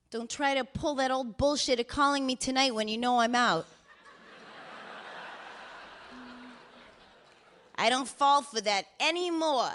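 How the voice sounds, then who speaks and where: A cheerful, foul-mouthed older father leaving rambling voicemails, as his daughter puts him on. His voice sits fairly high and swings widely between phrases. He teases, swears and says he loves her in the same breath. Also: a bit bright, slight background noise. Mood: teasing. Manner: swearing freely, wry and affectionate. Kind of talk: reading voicemails aloud in character.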